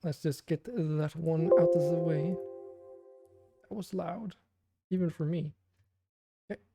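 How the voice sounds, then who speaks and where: A man's voice: a little high, fairly even intonation, a little slow, over loud music. A man streaming a game, chatting casually with viewers in a chatty, self-deprecating way and laughing often. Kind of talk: casual live-stream chat.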